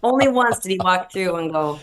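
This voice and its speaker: A woman's voice: lowish voice, animated, brisk. A middle-aged woman, a guest chatting and telling amused stories. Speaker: senator, guest. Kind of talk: casual chat.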